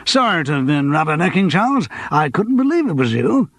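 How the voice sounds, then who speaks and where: A man voicing an effusive television producer who talks in halting bursts. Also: on the high side, very animated, no room sound. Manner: effusive, halting, full of ums.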